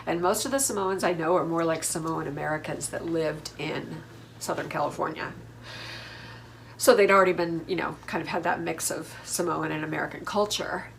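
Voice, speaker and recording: A woman's voice: deep voice, normal speed, creaky, a little hiss or hum, rough recording. Chatty woman recapping reality TV. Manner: chatty and opinionated, with many fillers. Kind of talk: casual recap commentary.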